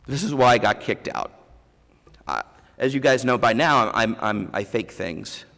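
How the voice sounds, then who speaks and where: A man giving a keynote speech, telling a candid personal story with self-deprecating humor and halting restarts, on a lavalier mic. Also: medium pitch, lively intonation, creaky, a bit bright. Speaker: keynote speaker. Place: large conference hall before an audience. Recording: long hall reverb.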